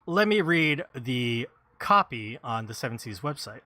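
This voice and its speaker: A man hosting a casual podcast, reading credits and blurbs in a halting, self-deprecating way. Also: mid-range voice, big pitch swings, sharp tone, dry recording, studio quality. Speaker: podcast host.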